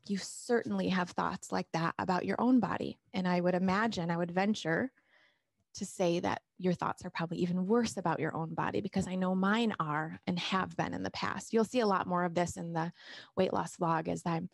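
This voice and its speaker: This middle-aged woman works as a weight loss coach and streams live, casually addressing viewers, restarting her sentences, and reading their comments aloud. Her mid-range voice is gravelly, recorded dry with studio quality on a camera mic.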